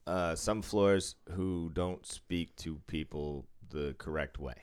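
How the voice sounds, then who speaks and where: Low-voiced man swearing through casual chat. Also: slow, clear, resonant tone. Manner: rambling, swears freely, acts out quoted people. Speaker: casino floor worker.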